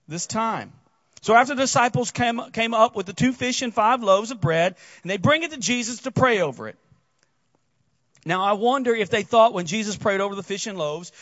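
A man with a very high voice preaches a casual sermon, retelling the story in an animated way and often restarting his sentences. The recording sounds dull and dry, with no room around it. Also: no room sound. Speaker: pastor.

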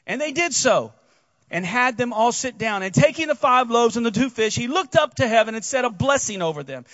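A man with a very high voice preaches a casual sermon, retelling the story in an animated way and often restarting his sentences. The recording sounds dull and dry, with no room around it. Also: no room sound. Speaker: pastor.

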